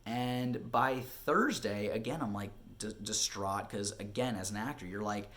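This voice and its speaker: A young man vlogging at home about his acting life. His voice sits in a middle register and is casual and chatty, full of "like" and restarts. He swings from quiet, anxious low stretches to loud, high bursts of excitement. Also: measured pace, few pauses. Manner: animated, swinging from excited to hushed and back, many fillers. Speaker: vlogger and actor. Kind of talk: casual storytelling vlog. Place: home, indoors.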